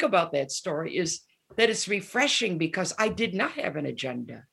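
A gravelly-voiced woman of seventy chats as a guest in a casual interview. She tells stories with animation and acts out the dialogue in them. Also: on the low side, sing-song, normal speed, fairly bright tone. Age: 70s. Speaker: guest musician.

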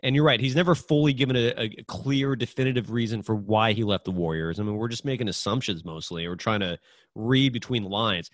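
A man hosting sports talk who briskly introduces a podcast clip. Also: fairly low pitch, no room sound, studio quality.

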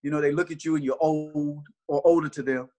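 A man's voice: on the high side, steady tone, a little fast. A middle-aged man, a basketball trainer, telling stories in a casual interview with earnest, repeated restarts.

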